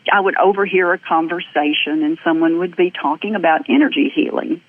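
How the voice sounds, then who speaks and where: A middle-aged woman with a Southern US accent, a guest telling her personal story with earnest, lively energy and frequent fillers. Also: fairly low pitch, a little fast. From American South. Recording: tinny phone-like audio.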